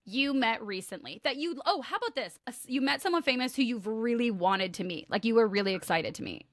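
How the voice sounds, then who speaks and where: Talkative woman hosting a podcast, laughs a lot, bright high voice, super dry close mic. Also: expressive, brisk, no echo. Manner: chatty, laughs often, storytelling. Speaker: podcast host. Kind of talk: casual chat with a friend.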